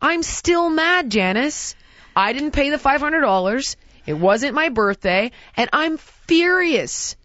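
A woman hosting a casual chat, telling a story in an animated, exasperated way and acting out what people said. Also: sits high, slow pace, dry recording, muffled recording. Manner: animated, exasperated, acts out quotes. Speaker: podcast host.

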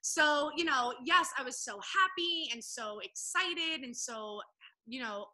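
A woman guest on a podcast, telling her personal story in a lively way and acting out the voices of the people she quotes. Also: high-pitched, takes it slowly, poor audio. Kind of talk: storytelling in a casual interview.

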